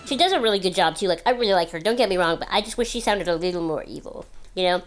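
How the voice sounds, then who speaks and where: A woman's voice: lowish voice, expressive, quick pace, faint music behind. A woman talking casually in an opinion vlog, chatty and gushing, with lots of fillers. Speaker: video blogger.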